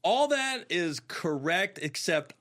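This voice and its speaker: A man's voice: high voice, very animated, takes it slowly, fairly bright tone. A man, a comedian, telling a story in a casual chat and acting out the voices of the people in it.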